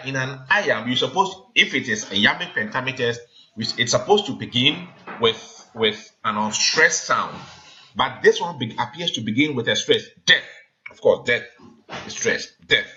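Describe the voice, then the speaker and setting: A man teaching a poetry lesson, explaining in a measured, hesitant way with frequent pauses and filler sounds. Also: mid-range voice, lively intonation, pushed and bright. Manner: measured, hesitant, frequent ums, counts syllables aloud. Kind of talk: recorded literature lesson. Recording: dull lo-fi sound with faint noise.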